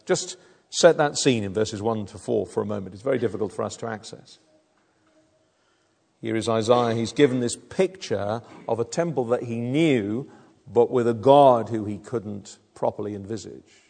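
A man preaching in a gravelly, mid-pitched voice, earnest and explanatory, stumbling and restarting as he works through his points. His voice carries a long reverb in a church hall. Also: normal speed, a little mellow. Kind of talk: sermon.

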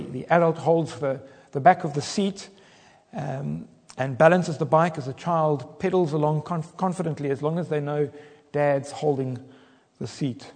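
A man preaching in a hall with a long, ringing reverb. His voice sits a little high for a man, and his delivery turns dramatic, swelling into fervent cries as he quotes pleading prayers. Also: vocal fry, a little mellow, slightly rough. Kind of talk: sermon.

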